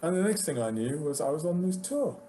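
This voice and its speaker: Lively British man telling stories. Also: on the high side, fairly quick, low-quality recording. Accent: British English. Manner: animated anecdotal, acts out quoted exchanges. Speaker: guest actor. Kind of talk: casual storytelling.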